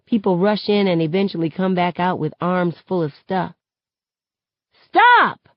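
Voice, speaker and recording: A woman reading a novel aloud in steady first-person narration that rises sharply on shouted lines. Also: lowish voice, moderate pace, dry recording. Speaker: reader. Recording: dull lo-fi, dry sound.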